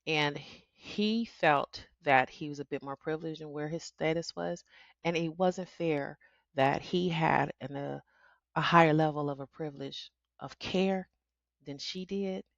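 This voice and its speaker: A woman's voice: low voice, unhurried, creaky, no room sound, highs cut off. A middle-aged woman hosting a solo podcast, talking candidly and chatting with frequent laughs. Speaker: podcast host. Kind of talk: casual solo podcast talk.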